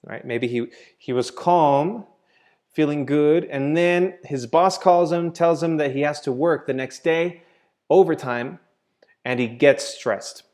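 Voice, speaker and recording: A man teaching English grammar, explaining slowly and checking in with "right?" and "okay?" as he goes. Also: a little high, darkish tone. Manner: patient, repeats points with "right?" and "okay?".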